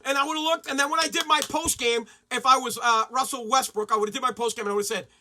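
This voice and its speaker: A man hosting a podcast, ranting excitably and swearing freely in a casual style. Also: very high voice, quick pace, background noise. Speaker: podcast host.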